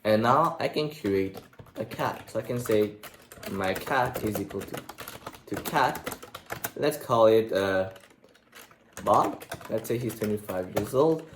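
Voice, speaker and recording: In a screen-recorded coding tutorial, a programming tutor with a lowish voice reads code aloud slowly, leaving long pauses as he types. The room is echoey, with faint keyboard typing in the background.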